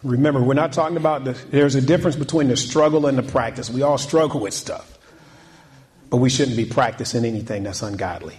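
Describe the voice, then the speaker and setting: A man's voice: mid-range voice, a little fast, darkish tone. A male pastor preaching a sermon, repeating key points and asking the congregation questions. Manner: preaching with rising intensity and repetition; asks the congregation questions and calls out amen.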